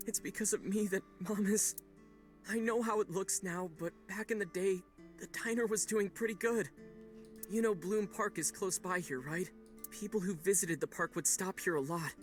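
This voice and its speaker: A man doing a young college dropout in a video game, earnest and full of self-blame. The voice sits high for a man, with faint guitar music behind it. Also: moderate pace, lightly acted. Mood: regretful. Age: young adult. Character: young adult male college dropout, guilt-ridden. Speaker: game character.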